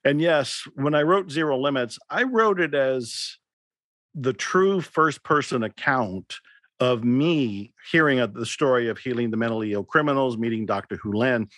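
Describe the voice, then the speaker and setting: A man speaking as an interview guest, earnest and reflective, often slipping into quoted dialogue as he explains. His voice sits at an ordinary pitch for a man. It is recorded dry and close, with no room echo. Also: fairly bright tone. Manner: earnest, storytelling with acted-out quotes. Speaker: author and teacher, interview guest.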